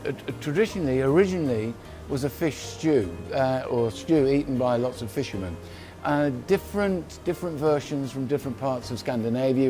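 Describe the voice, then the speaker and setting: Cooking casually on camera, this Londoner talks in a medium, mellow voice. His chatter wanders, and he keeps stopping to fix what he's just said.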